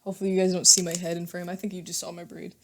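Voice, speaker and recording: A woman's voice: lowish voice, flat delivery, rapid-fire. A woman giving a casual tarot reading to camera, chatty and thinking aloud, often laughing at herself. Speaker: tarot reader.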